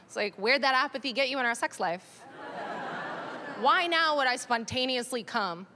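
A woman in her thirties doing stand-up, telling stories in a deadpan, self-mocking way. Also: high voice, moderate pace, crowd noise, noisy background. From Canada. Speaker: stand-up comedian. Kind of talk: stand-up comedy.

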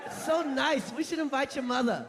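High-voiced profane stand-up comic man. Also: moderate pace. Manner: profane, animated, shouting punchlines. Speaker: stand-up comedian. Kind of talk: stand-up routine. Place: comedy club stage before a laughing crowd. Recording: live crowd laughter and noise.

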